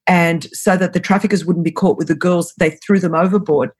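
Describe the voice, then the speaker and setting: A woman's voice: lowish voice, steady tone, fairly quick, a little mellow, slightly rough. Woman in her 50s telling her story in an interview, earnest, urgent, repeats herself for emphasis. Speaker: anti-trafficking ministry leader.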